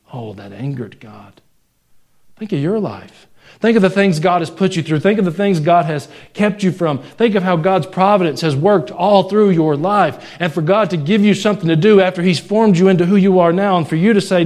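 A young adult man preaching a sermon, joking with the congregation and raising his voice to stress points. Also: a little mellow. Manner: conversational, jokes and laughs with the congregation; rises in pitch and volume when stressing a point. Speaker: pastor.

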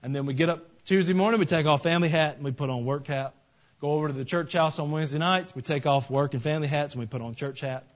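Folksy pastor preaching. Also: male voice, fairly high pitch, fairly even intonation, quick pace, muffled recording. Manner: folksy, conversational preaching with rising emphatic passages. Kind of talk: sermon.

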